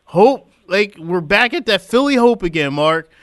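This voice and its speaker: A man hosts a casual sports talk show and vents with emphatic, repetitive phrasing. His voice sits a little high and sounds smooth and clear. The close mic is dry, with no room sound. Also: lively intonation, a little slow, fairly bright tone, no echo. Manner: emphatic, ranting, repeats for effect. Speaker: podcast host.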